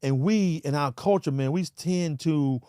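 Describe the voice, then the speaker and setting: A man's voice: a little high, unhurried, mellow, clean tone, dry recording. Earnest Southern man, dry close sound. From American South (Alabama). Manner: earnest, emphatic, says "man" often. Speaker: podcast guest. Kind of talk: candid conversational storytelling.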